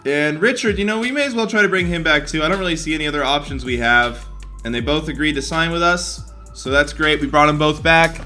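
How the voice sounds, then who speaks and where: A young man talks through his basketball video game run, jumping between hype and frustration. His voice sits a bit high with a bright, forward edge. Soft music plays faintly underneath. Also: fairly quick. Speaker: gaming YouTuber.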